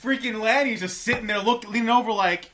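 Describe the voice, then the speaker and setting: A man co-hosting a podcast, chiming in with blunt, excitable, swearing banter. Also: high-pitched, fairly quick. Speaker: podcast co-host. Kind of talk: casual storytelling chat. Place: room at an anime convention.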